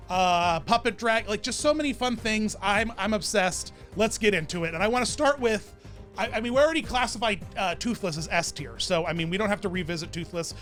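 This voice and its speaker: A man's voice: high voice, a bit bright. A man vlogging about theme park characters, talking casually and gushing with enthusiasm. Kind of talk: casual ranking commentary.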